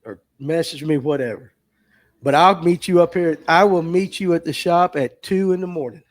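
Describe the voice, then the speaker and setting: At normal speed and with a slightly high voice, a middle-aged man who owns a tackle shop in the US South speaks on a livestream. He's heartfelt and casual, earnest and emotional, repeating himself while near tears, heard over a streaming mic.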